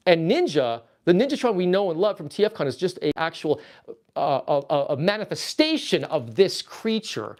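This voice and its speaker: Rambling, playful man with a lively voice. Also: a little high, moderate pace. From Canada. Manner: rambling, playful, easily excited. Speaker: livestream host reading viewer chat. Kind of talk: casual livestream chat while packing toys.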